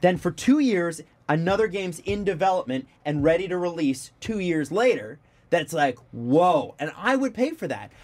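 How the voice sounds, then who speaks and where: A man's voice: high-pitched, expressive, moderate pace, few pauses. A man hosting a casual sports podcast, rambling through his points and laughing often. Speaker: podcast host.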